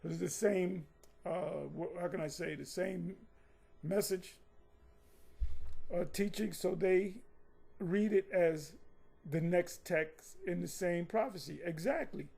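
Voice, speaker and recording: A man's voice: high voice, slow, vocal fry, pauses often, a little mellow, breathy edge. A man giving combative, mocking commentary on scripture, rambling with frequent restarts. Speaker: religious commentator.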